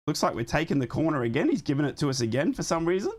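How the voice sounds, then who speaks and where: Brief: young male watchalong host, slightly high voice, hoarse and under the weather, casual chat to the viewers. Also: very animated, racing, darkish tone. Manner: chatty, talks to his live chat while fixing things on the fly. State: hoarse, sick with a chest infection. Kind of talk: live football watchalong chat and commentary.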